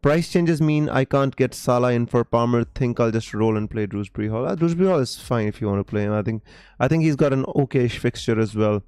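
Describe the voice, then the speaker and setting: A man's voice: medium pitch, a little fast, darkish tone, smooth, no room sound. A man hosting a live stream, casually answering viewer questions with many fillers and restarts and calling people mate. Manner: reads viewer comments aloud.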